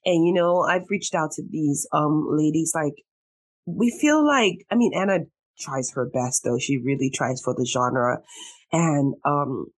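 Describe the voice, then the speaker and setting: Woman host, low-pitched, bubbly and emotional, laughs a lot in casual chat. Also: expressive, measured pace. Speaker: podcast host.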